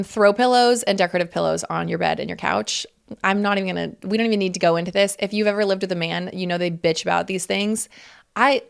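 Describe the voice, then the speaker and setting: Woman, thirties, podcast host, gravelly vocal fry, candid, chatty, swears freely, laughs often. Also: mid-range voice, a bit bright. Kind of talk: casual solo podcast monologue.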